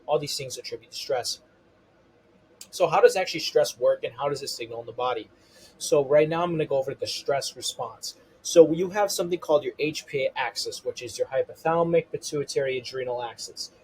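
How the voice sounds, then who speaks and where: A man's voice: medium pitch, a little fast, a little mellow, slightly rough, rough recording. A man explaining a health topic to viewers as a coach, step by step, with "okay" and "you know" as constant fillers. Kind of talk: explanatory health lesson to camera.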